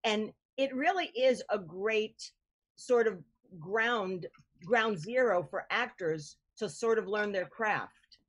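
A woman's voice: medium pitch, slow pace, fairly bright tone, breathy edge. Chatty, enthusiastic woman host. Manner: chatty, enthusiastic, laughs easily. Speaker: podcast host. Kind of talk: casual interview chat.

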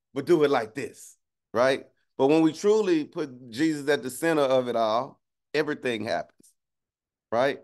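A man's voice: mid-range voice, clear, resonant tone. Man, preacher, casual sermon, conversational, slangy, joking asides. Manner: conversational, keeps asking "right?".

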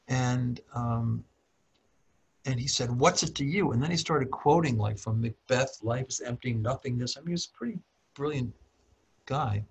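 Gravelly, husky-voiced man telling a story. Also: mid-range voice, normal speed, low-quality recording. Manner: calm, reflective, frequent throat clearing and restarts. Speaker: professor and author. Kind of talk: storytelling in a talk.

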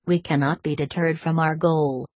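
A woman's voice: low voice, fairly even intonation, moderate pace, a little mellow, no echo. A woman doing a commanding mastermind with a French accent. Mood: hushed threat.

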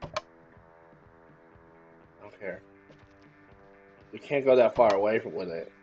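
A man giving excitable, joking commentary while playing a video game, often breaking into exclamations. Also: on the low side, takes it slowly, muffled recording, faint music behind. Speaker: gaming YouTuber. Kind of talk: let's-play commentary.

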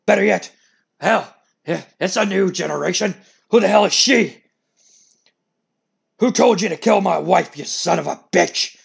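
A man voicing an outraged wrestling company boss, yelling in a raised, higher voice. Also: a little slow, gravelly, pauses often, slightly rough, exaggerated voice. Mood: furious. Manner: shouting, outraged, higher-pitched delivery. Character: furious grieving male wrestling company boss.

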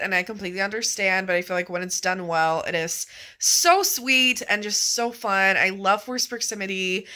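Young female book vlogger, casual and excitable, swears freely, bright tense tone. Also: medium pitch. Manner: excitable, gushing, swears a lot. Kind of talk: casual vlog chat.

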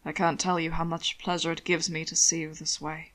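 A woman voicing a lordly, teasing adult male aristocrat, speaking low and smooth in a read-aloud story. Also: level tone, brisk, a bit bright. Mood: fond teasing.

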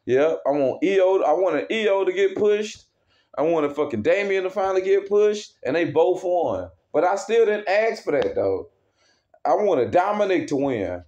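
A man's voice: high voice, expressive, normal speed, a little mellow. A man angrily ranting as a wrestling fan, heavy with profanity and worked up. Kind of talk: casual rant. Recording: dull lo-fi recording.

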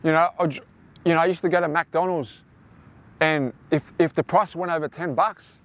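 A man's voice: fairly high pitch, moderate pace, long pauses. A young man hosting a motivational self-help talk, rambling and repeating himself as he addresses listeners as his friends. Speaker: host.

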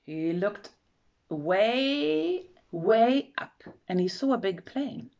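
A woman reading a children's storybook aloud in an expressive, measured way. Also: mid-range voice, vocal fry, slight background noise. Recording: dull lo-fi recording.

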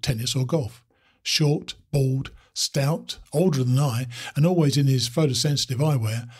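A man reads a story aloud in a steady, descriptive way. His voice sits in a middle pitch and carries a husky, raspy grain.

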